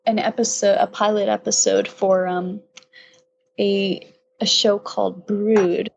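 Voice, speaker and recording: A woman's voice: mid-range voice, little pitch movement, a little slow, creaky, dull audio. A young woman from upstate New York, a podcast guest chatting casually, rambling and laughing often.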